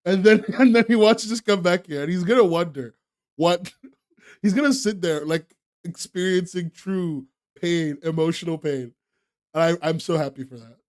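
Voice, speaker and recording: This young man streams live and chats with his viewers, laughing frequently and putting on playful mock outrage. His voice sits high with a darkish tone, and he speaks at a measured pace broken by long pauses.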